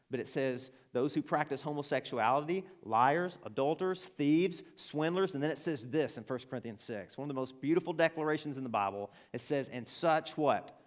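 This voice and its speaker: Pastor, man, Arkansas accent, earnest emphatic sermon delivery, voice sits a bit high. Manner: earnest, emphatic, rising to passionate appeals. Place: church.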